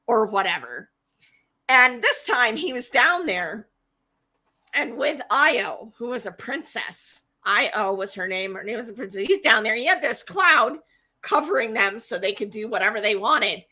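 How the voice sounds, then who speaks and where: Brief: chatty woman host telling myths, high-pitched and very animated. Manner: animated, chatty retelling with fillers. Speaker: podcast host. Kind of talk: casual myth storytelling.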